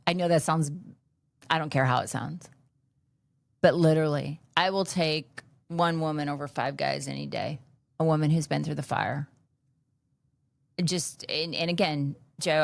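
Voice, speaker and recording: Middle-aged woman podcaster, kinda low voice, super dry close sound, blunt and sweary, really leans into it. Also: creaky, dry recording. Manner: blunt, emphatic, swears freely. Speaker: podcast host. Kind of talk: motivational monologue.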